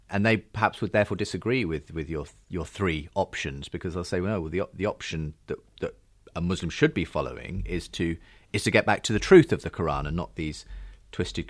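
Man, very deep voice, dry close sound, hesitant interviewer. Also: no room sound. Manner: hesitant, many fillers and restarts. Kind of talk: interview questions.

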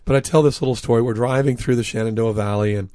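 A man telling stories as a guest in an interview, earnest and full of fillers, slowing down for emphasis. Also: medium pitch, steady tone, warm tone, no room sound, clean studio sound. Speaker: author and guest. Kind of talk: storytelling in an interview. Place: studio.

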